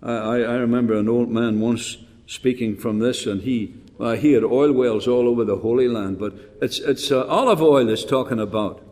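A man's voice: medium pitch, moderate pace, few pauses, a little mellow. An older man preaching a folksy, rambling sermon with rhetorical questions and frequent restarts. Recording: long hall reverb.

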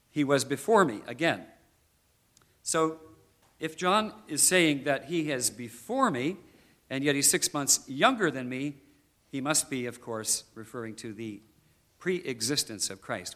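A man preaching a Bible teaching with a bright, forceful voice. He explains and stresses key words emphatically, pausing and restarting as he goes. His voice is a touch congested, with some throat clearing. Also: medium pitch. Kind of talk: sermon.

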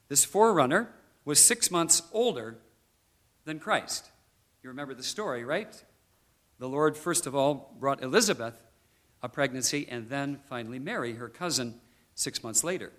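Preaching a sermon from the Bible, a medium-pitched man speaks in a bright, forceful voice, explaining as he goes and stressing key words hard. He pauses and restarts often, sounds a touch congested, and clears his throat now and then.

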